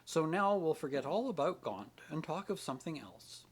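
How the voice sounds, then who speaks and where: A man's voice: a little high, big pitch swings, moderate pace, husky, voice pushed up, exaggerated voice. A man voicing a stern, sarcastic minister father. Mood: stern reproach. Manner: stern, ironic, authoritative. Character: stern middle-aged male minister father, proud and sarcastic. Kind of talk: audiobook character reading.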